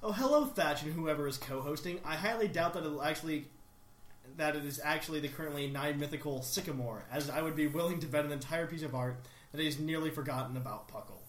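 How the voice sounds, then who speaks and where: A man's voice: fairly high pitch, fast. A young man hosting a casual podcast, reading listener emails aloud with wry asides. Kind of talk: casual chat. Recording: echoey room with faint hiss.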